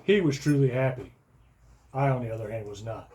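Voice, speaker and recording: A man's voice: medium pitch, a little fast, slight background noise. A middle-aged man reading his own comic first-person story in a dry, matter-of-fact way. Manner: dry storytelling, bursts into loud shouting for quoted lines.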